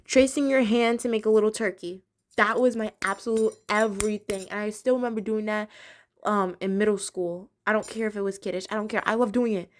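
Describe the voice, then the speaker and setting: A woman's voice: mid-range voice, fairly even intonation, fairly quick. A young woman casually reviewing a cartoon episode, chatty and giggly, with many fillers and restarts.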